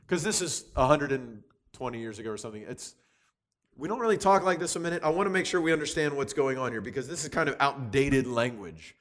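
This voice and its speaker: A man giving a conversational sermon, lively and chatty, often restarting with repeated words. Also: medium pitch, brisk. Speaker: youth speaker teaching from Proverbs.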